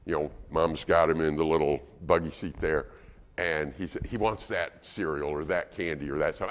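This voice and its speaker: A man's voice: rumbling low, steady tone, normal speed. A man preaching a sermon as guest speaker, conversational and asking the congregation questions. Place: church auditorium. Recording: reverberant church hall.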